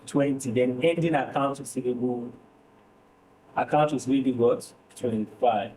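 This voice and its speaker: A man's voice: medium pitch, moderate pace, a little mellow, a little hiss or hum. Male tutor in an echoey classroom. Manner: repeats figures, quizzes students. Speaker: finance tutor. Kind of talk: classroom lecture. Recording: roomy, distant classroom recording.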